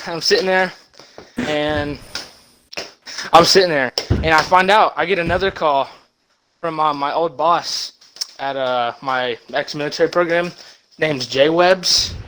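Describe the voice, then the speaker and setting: A young man retelling a movie plot as a rambling comic story, excited and short of breath, with sudden loud bursts. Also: a little high, a little slow, pauses often, noisy background.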